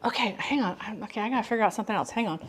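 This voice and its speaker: A woman's voice: mid-range voice, rapid-fire, slightly rough. A woman hosting a casual cooking livestream from her home kitchen, chatting with viewers by name and often restarting her sentences.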